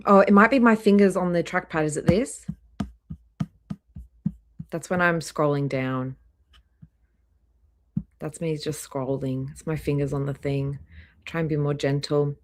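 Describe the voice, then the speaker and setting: A woman hosting a casual live stream, chatty and greeting viewers by name one after another, a little hoarse, talking into a laptop microphone indoors. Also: sits low, slow pace, pauses often. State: slightly hoarse, clearing throat. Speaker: livestream host. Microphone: laptop microphone near trackpad.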